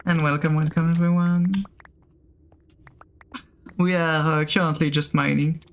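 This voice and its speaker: Gravelly Swiss-French man chatting on stream. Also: fairly high pitch, flat delivery, unhurried. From Switzerland. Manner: rambling, many fillers and restarts, answers chat. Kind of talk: casual live-stream chat.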